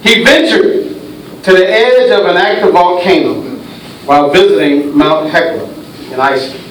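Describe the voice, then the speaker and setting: A man preaching a sermon in a church, telling a dramatic story and swinging between hushed tones and shouts. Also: high voice, a little slow. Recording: echoey church hall from far off, faint hiss.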